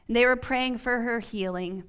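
Woman pastor, sermon, slightly high and clear voice, unhurried emphatic delivery. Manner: earnest, slow and emphatic, dropping to a hushed whisper at key points. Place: church.

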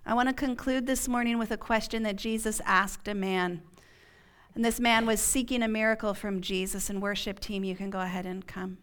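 A woman pastor preaching a sermon in church, earnest and emphatic, sometimes dropping to a hush. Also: medium pitch, flat delivery, smooth. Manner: earnest, slow and emphatic, dropping to a hushed whisper at key points.

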